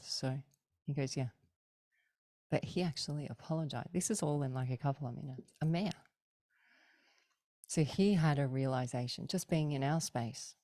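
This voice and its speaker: A middle-aged woman, a podcast guest, telling stories in a casual, animated way, acting out the voices of people she quotes and laughing often. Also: rumbling low, normal speed, pauses often, no echo. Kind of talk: casual storytelling.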